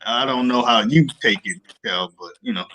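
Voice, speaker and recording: A man co-hosting a casual online group chat, talking in a halting way, repeating words as he searches for them. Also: medium pitch, pushed and bright, poor audio.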